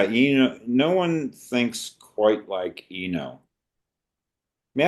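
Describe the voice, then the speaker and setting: An older man with a very deep voice talks casually as a podcast co-host. He is chatty and reflective, wandering through his thoughts in an easy, conversational way. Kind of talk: casual chat about music.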